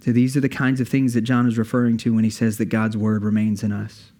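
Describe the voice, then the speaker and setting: A man's voice: lowish voice, completely flat delivery, fast talker, mellow. Earnest male pastor preaching. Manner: earnest, builds with repeated phrases. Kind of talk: sermon.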